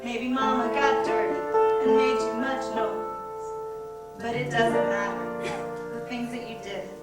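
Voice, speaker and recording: A bitter, self-mocking grown daughter, played by a woman on stage in a one-woman musical, her slightly high voice moving at an unhurried pace. The sound is captured from far back in a very echoey theater, with loud instrumental accompaniment around her. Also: steady tone, over loud music, lightly acted. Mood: aching. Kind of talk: musical theatre singing and comic monologue. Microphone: distant stage recording.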